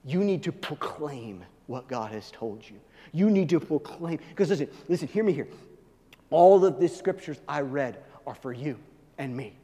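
A male pastor preaching a sermon, swinging from hushed, low asides to loud, emphatic proclaiming. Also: animated, moderate pace, long reverb tail.

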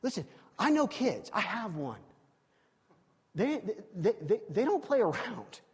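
A man preaching a sermon in a church, emphatic, swinging from loud exclamations to quiet, confiding asides. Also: high voice, sing-song, measured pace, breathy edge. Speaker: pastor. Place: church sanctuary. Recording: long reverb of a large hall.

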